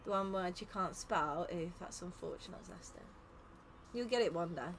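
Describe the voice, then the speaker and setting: A woman's voice: fairly low pitch, moderate pace, slight background noise. Teasing English woman streaming games. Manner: teasing, laughs often, reads chat aloud. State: tired. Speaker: streamer running custom game lobbies. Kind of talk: casual live-stream chat.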